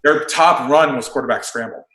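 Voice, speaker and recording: A man who coaches football, breaking down defensive play calls in a casual chat, blunt and quick to swear. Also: medium pitch, bright, forceful tone. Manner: blunt, swears freely, explains plays in detail. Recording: roomy echo.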